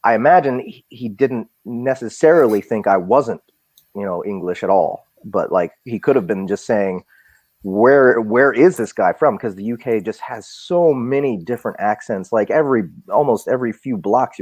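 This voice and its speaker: Brief: low, self-deprecating man, dry close sound, rambling stream chat. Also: moderate pace, darkish tone, dry recording. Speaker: audiobook narrator and guest. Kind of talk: casual live-stream chat.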